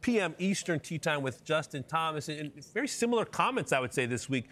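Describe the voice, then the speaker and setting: A man hosting a sports discussion show, briskly introducing clips and steering the talk. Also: a little high, big pitch swings, a bit bright.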